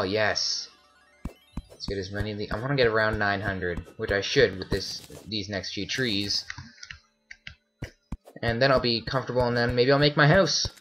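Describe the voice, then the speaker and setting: A man commentating his own gameplay, easily startled and often yelping in alarm. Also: on the low side. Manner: jumpy, often shouts in alarm. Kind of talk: let's play commentary.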